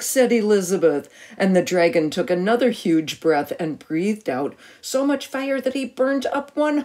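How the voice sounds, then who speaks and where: A woman reading a picture book aloud to a child, animated, with gasps and questions for the listener. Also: on the high side.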